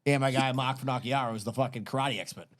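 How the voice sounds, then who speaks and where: A man's voice: medium pitch, steady tone, fast, fairly bright tone. A man hosting a podcast, rambling in casual profane banter with lots of fillers. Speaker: podcast host.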